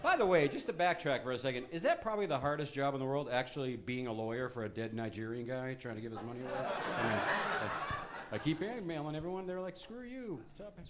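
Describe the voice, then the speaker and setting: A man performs a rambling, deadpan stand-up set on a club stage, his pitch swinging in a lively way. The audience laughs in a live recording with audible crowd noise.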